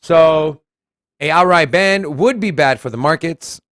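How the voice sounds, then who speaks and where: A man's voice: a little high, measured pace, no echo, clean studio sound. Blunt casual male crypto commentator. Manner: blunt, animated, reads quotes aloud. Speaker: co-host of crypto news show.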